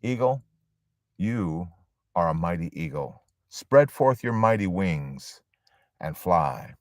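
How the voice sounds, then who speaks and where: Parable figure: an earnest male naturalist with a very low voice and drawn-out, solemn commands, as a storyteller puts him on. Dry sound. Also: sing-song, dry recording, heavily acted. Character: earnest man naturalist coaxing an eagle.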